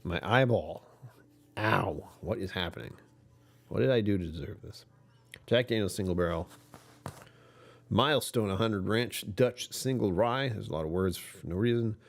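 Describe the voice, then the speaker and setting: A man with a rumbly, somewhat low voice talks casually to his livestream audience. He sounds worn out and tired, yet keeps joking and laughing as he chats. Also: moderate pace, gravelly, long pauses. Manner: chatty, joking, often laughing. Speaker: livestream host.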